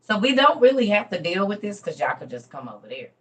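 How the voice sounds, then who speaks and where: A woman hosting a casual ministry livestream, chatting with viewers and calling them "y'all", going from loud bursts to murmured asides. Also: mid-range voice, big pitch swings, fast.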